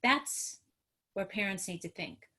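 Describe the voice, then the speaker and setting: A woman presenting a parenting webinar as a trauma specialist, emotional and animated, acting out what parents say to children. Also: medium pitch, slow pace. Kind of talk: expressive webinar teaching.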